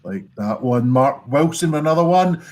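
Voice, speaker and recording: A man's voice: mid-range voice, lively intonation, normal speed. A man co-hosting a pun show, reading out listener jokes with playful asides. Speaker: co-host reading listener puns. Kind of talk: casual banter.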